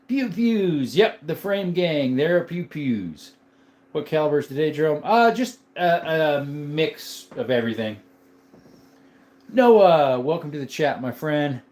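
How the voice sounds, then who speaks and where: A man's voice: a little high, darkish tone. Casual man hosting a chat stream. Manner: chatty, greets viewers by name, laughs often. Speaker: livestream host. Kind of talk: casual live chat reading comments.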